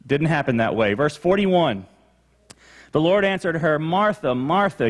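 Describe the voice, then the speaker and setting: Slow, emphatic male pastor preaching. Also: fairly high pitch, animated. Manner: explanatory teaching, emphatic repetition. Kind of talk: sermon.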